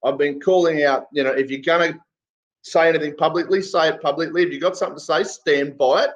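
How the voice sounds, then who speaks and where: A man's voice: on the high side, steady tone, fast talker. An irate Australian man ranting and swearing in casual talk. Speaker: guest commentator. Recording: muffled lo-fi audio.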